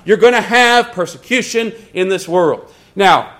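A middle-aged man preaching a sermon, earnestly quoting scripture and slowing down on key words. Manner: wry storytelling asides in a lower, quieter voice.

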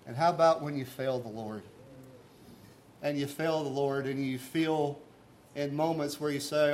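A man's voice: a little high, steady tone, unhurried, a little mellow, a little hiss or hum. A man preaching a sermon as pastor, talking earnestly and conversationally and asking his listeners rhetorical questions.

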